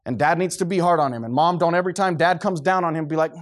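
A man's voice: a little high, moderate pace, long pauses. Fervent man preaching a sermon. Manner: fervent, preachy, loses his train of thought.

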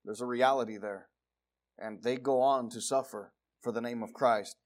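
A male preacher giving a sermon, reading scripture and moving from loud declarations to quiet asides. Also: medium pitch, steady tone, moderate pace. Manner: reads scripture aloud in King James wording.

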